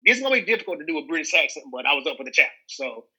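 A young man with a Southern American accent talks through his acting work in a loose interview. His voice is very bright and a bit high, and he rambles, restarting and filling gaps as he goes. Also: big pitch swings, very fast, slightly rough, rough recording. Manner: rambling, many restarts and fillers. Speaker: actor guest. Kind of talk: casual interview chat.

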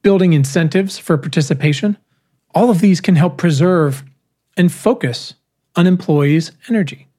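A speaker giving a prepared keynote talk, with measured, rhetorical phrasing and emphatic pauses. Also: medium pitch, dark tone.

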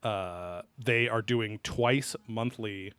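A man's voice: fairly low pitch, slow pace, a bit bright, clear, resonant tone, dry recording. A man co-hosting a podcast, chatting casually over beers, rambling loosely and swearing offhandedly. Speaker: podcast co-host.

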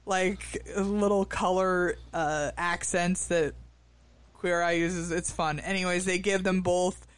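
Brief: podcast co-host, slow and halting recap chat, crisp tone. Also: medium pitch, fairly even intonation, no echo. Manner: hesitant, many fillers and restarts.

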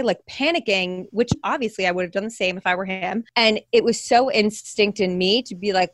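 A young woman telling a personal story in a candid, animated way as an interview guest. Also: mid-range voice, a little fast, hardly any pauses, no room sound.

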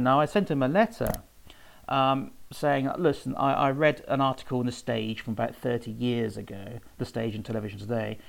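A man talks casually and at length, wandering from one anecdote to the next. His voice has a gravelly, creaky edge at a middling pitch, and he pads his talk with fillers and restarts. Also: fairly even intonation, normal speed, low-quality recording. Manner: rambling and anecdotal, with fillers and self-corrections. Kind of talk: casual spoken talk about research.

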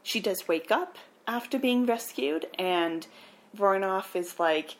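A woman's voice: mid-range voice, moderate pace. Wry woman recapping a movie. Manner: animated, wry storytelling. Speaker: podcast co-host.

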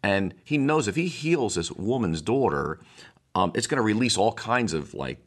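This older man, a pastor who also hosts a podcast, talks at a normal speed in a fairly low, very animated voice. He wanders through a reflective teaching monologue, rambling with many asides and restarts.

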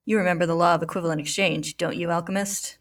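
A woman voicing a featureless white cosmic being that talks in a cheerful, calm and mocking way. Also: on the low side, quick pace, recorded from a distance.

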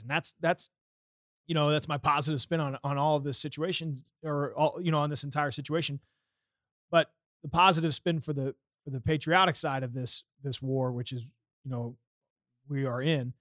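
A man with a fairly high voice shares his thoughts in casual talk, earnest and reflective. He swears now and then in an easy way. The recording is dry, with no room echo. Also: fairly bright tone. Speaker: podcast co-host. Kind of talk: casual political chat.

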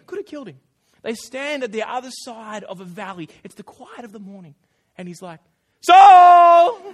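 A man preaching a sermon, telling the story with lively, acted-out asides and quick self-corrections. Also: high-pitched.

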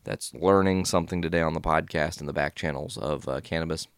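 A man's voice: very deep voice, a little fast, dry recording. A man hosting a podcast, stoned and rambling through a casual story in a laid-back, swearing way. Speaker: podcast host.

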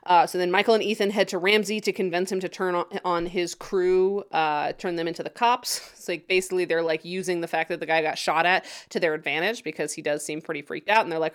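A woman's voice: lowish voice, steady tone, brisk. Chatty, laughing woman co-host. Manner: chatty, laughs often, swears freely. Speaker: podcast co-host recapping a TV episode. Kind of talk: casual chat.

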